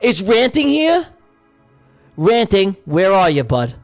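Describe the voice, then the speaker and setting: A man hosting a livestream giveaway, calling a mock race in a joking, excitable way that bursts into shouts. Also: high-pitched, slow pace, long pauses, faint music behind. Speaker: livestream host running a giveaway. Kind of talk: mock race-caller commentary.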